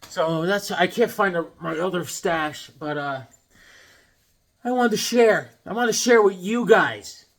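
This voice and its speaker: Brief: man comics vlogger, loose rambling show-and-tell with silly asides, voice a touch high. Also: measured pace, a bit bright. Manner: rambling, jokey, lots of restarts and silly asides. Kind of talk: casual show-and-tell chat.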